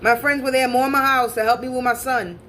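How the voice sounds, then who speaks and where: A woman's voice: high voice, steady tone, fast talker, fairly bright tone, a little hiss or hum. Blunt, profane woman telling her story. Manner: blunt and profane, repeats herself for emphasis. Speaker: spiritual reader and channel host. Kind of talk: casual personal storytelling.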